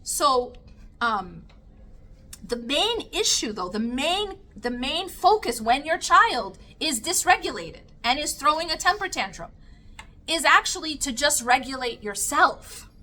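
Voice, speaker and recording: A woman's voice: high voice, sing-song, measured pace, sharp tone. A woman giving a lecture to a live audience, often checking in with the room by asking them questions. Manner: engaging, asks the audience frequent questions.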